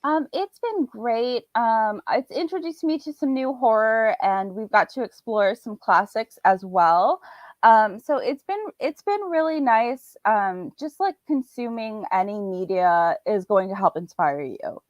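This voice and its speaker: A woman's voice: a little high, expressive, a little slow, dry recording. A woman guest in a casual interview, talking freely about books and films with many fillers. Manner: chatty, filler-heavy, acts out her own thoughts. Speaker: indie author and podcast guest. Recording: dull, slightly lo-fi dry sound.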